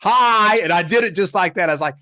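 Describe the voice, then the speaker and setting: A man telling stories as a podcast guest in a casual, animated way, chuckling as he acts out the dialogue. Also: high voice, rapid-fire, slight background noise. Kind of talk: casual storytelling.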